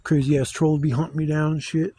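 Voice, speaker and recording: A middle-aged man vlogging casually while driving, excitable and swearing freely. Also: brisk. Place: inside a car on the road. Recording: car road noise throughout. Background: car engine rumble.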